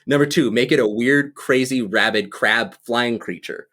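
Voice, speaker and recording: A man in casual film chat with a mid-range voice, talking with animated enthusiasm. He laughs often and breaks into little acted-out bits of scenes. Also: mid-range voice, moderate pace. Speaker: podcast co-host.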